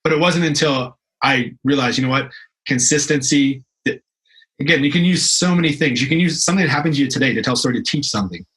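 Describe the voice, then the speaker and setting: A young man from Canada talks as a fitness professional in a relaxed interview. His voice is bright and forceful, at a middling pitch for a man. He tells stories with energy, doubling back on his words and scattering fillers as he goes. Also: fast talker, poor audio. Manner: animated storyteller, frequent restarts and fillers. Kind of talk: casual interview chat.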